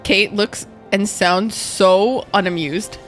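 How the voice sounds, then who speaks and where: A woman streaming a game live, excitable and giggly, swearing freely as she chats. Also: mid-range voice, slow pace, faint music behind.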